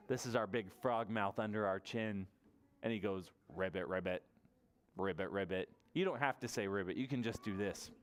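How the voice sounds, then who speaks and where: A man leading a toddler story time at a library, animated and sing-song as he encourages the children. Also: mid-range voice, smooth. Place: public library room.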